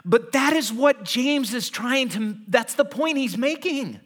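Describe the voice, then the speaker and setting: A man's voice: very high voice, lively intonation, unhurried, fairly bright tone. A man preaching a sermon as pastor, telling everyday stories and acting them out with animation.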